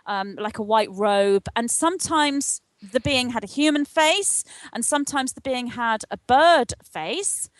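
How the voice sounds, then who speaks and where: An older woman with a fairly high voice tells her story in an earnest, animated way, slipping into the voices of the people in it. The sound is dry and close, with almost no room. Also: a little slow, few pauses, no echo. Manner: earnest, animated retelling with acted-out dialogue. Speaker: guest, spiritual channel. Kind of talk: interview, personal storytelling.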